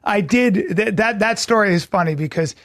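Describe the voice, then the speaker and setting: A man, a comedian on a podcast, telling a self-deprecating story with halting restarts in a studio. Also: sits high, fairly bright tone, no echo.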